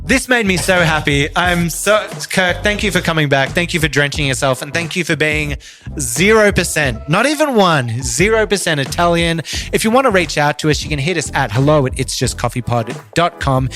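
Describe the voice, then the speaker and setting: A man's voice: a little high, lively intonation, brisk, fairly bright tone, faint music behind. A man hosting a podcast, teasing his co-host in playful casual banter.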